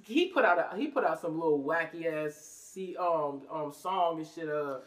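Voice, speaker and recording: A man's voice: a little high, lively intonation, moderate pace, a bit bright, far from the mic. A man hosting a casual podcast, telling stories with loose, profane banter. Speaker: podcast host.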